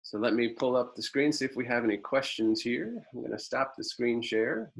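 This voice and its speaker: A man's voice: mid-range voice, lively intonation, moderate pace, gravelly, rough recording. A man presenting a marketing webinar over a video call, telling a folksy story with lots of ums and uhs.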